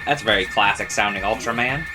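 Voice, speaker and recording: A young man hosts a reaction video, casually responding to a show episode while swearing often and laughing a lot. His voice sits on the low side and runs a little fast, with the episode's audio and music playing behind him.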